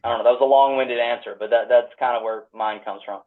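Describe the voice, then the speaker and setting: Mężczyzna po trzydziestce z Filadelfii, rozwlekle odpowiada jako gość, z wieloma urwanymi zdaniami, przez blaszany, telefoniczny dźwięk rozmowy wideo. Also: male voice, mid-range voice, fairly even intonation, quick pace. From Philadelphia. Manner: rambling, full of restarts and hedges. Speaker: guest. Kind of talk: reflective conversational answers. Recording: tinny phone-like video call audio.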